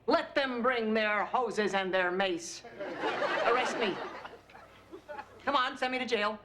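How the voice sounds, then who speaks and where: A woman's voice: on the high side, takes it slowly, a loud crowd. An actress playing an outspoken, sardonic woman journalist in her forties, speechifying with defiance in a sitcom. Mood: defiant. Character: brash outspoken woman journalist, mid-40s. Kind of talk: sitcom acting. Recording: studio audience laughter, noisy.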